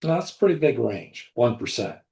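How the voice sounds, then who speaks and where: A man hosting a live trading room, talking through charts in a deliberate, blunt way and often repeating himself. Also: medium pitch, very animated, gravelly, a little mellow. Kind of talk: live market commentary over charts. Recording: roomy echo.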